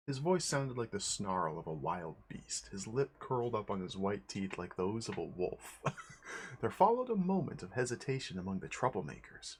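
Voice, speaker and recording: A man's voice: on the low side, big pitch swings, normal speed, breathy edge. A man streaming, casually reading a fantasy game manual aloud to viewers.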